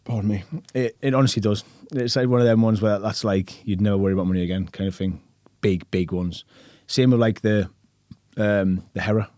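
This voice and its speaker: Fast-talking man, low and dark. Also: no echo, clean studio sound. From England. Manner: animated storyteller, acts out other people's lines, swears casually. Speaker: guest. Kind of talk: casual podcast storytelling.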